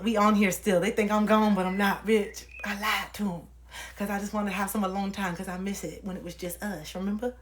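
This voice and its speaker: A young woman livestreaming, ranting casually and profanely to her viewers in an animated way. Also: mid-range voice.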